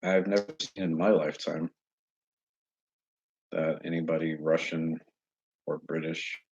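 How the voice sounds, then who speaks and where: A man talking straight to his viewers in a casual monologue, earnest and halting as he searches for words. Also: rumbling low, fairly even intonation, darkish tone, slightly rough, dry recording. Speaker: vlogger addressing viewers. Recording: dull lo-fi recording.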